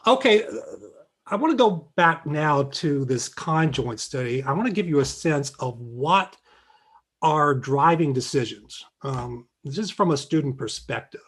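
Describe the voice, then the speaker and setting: Husky man presenting survey findings. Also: fairly high pitch, lively intonation, a little slow. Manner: explanatory, many fillers and restarts. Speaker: faculty presenter. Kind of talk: presenting survey results at a meeting.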